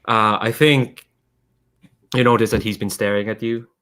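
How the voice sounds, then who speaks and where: A man's voice: on the low side, fairly even intonation, normal speed, fairly bright tone, smooth. A man running a tabletop game as game master, rambling casually and often laughing.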